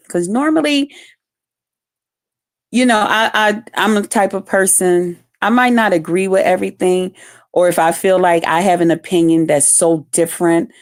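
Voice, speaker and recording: Animated woman in a dry close recording. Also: lowish voice, no echo. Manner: animated storytelling, acts out quotes loudly, laughs often. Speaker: vlogger. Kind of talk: casual chat to viewers.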